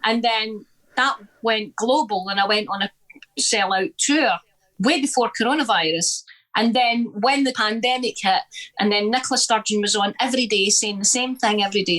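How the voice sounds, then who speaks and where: A woman's voice: fairly high pitch, normal speed, a bit bright, rough recording. A middle-aged Scottish woman comedian telling stories bluntly and swearing freely in a casual interview. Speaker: comedian, guest.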